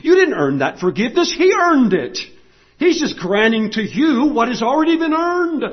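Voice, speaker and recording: High, lively-voiced preacher man, lo-fi. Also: normal speed. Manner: emphatic, repeats key phrases, swings from loud to hushed. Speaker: pastor. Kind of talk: sermon.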